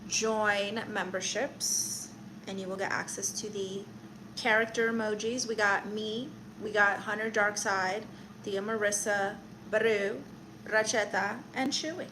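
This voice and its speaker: A woman's voice: mid-range voice, fairly even intonation, a little slow, noisy background. A woman comedian hosting a casual livestream, reading viewer comments aloud and answering them with sassy, teasing banter. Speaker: livestream host reading chat; stand-up comedian.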